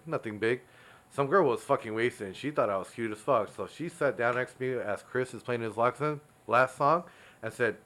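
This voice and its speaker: A man's voice: mid-range voice, a bit bright. A man telling a crude story in a casual podcast chat, laughing often. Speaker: podcast co-host.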